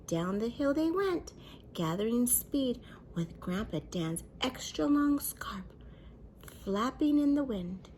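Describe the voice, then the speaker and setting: A woman, a daycare teacher, reading a children's picture book aloud with expressive delivery and soft whispered asides. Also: a little high, slow pace, slight background noise.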